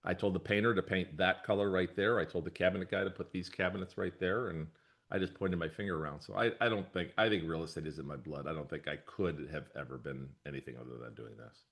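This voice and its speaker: A man's voice: low voice, steady tone, fast talker, gravelly, fairly bright tone. A middle-aged man, a brokerage leader answering interview questions in a rambling, easygoing way, often correcting himself and laughing.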